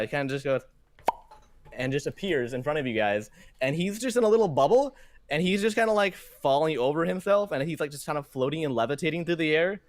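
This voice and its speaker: A young man running a tabletop game as game master, rambling through his narration with many restarts. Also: a little high. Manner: rambling, full of fillers and restarts, laughs at himself.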